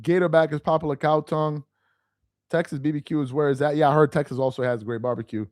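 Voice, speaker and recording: A man's voice: on the high side, steady tone, fast talker, darkish tone, dry recording, studio quality. A man hosting a casual live stream, chatting animatedly and reacting to viewer comments. He laughs easily and often repeats himself. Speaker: live stream host reading viewer chat.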